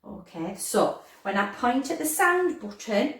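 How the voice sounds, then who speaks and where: A woman teaching a phonics lesson to young children, sounding out letters in an animated, sing-song way and stretching words slowly. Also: a little high. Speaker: primary school teacher. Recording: echoey room.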